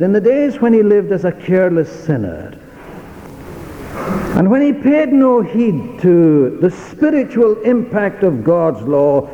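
Male preacher, high lively dark voice, emphatic, dull lo-fi church tape with long reverb. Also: a little hiss or hum. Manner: emphatic, repeats key phrases for stress. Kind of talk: sermon.

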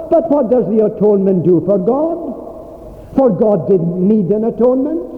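A man preaching a sermon, slow and emphatic, with weighty pauses. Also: very high-pitched. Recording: tinny phone-like sermon recording in an echoey hall.

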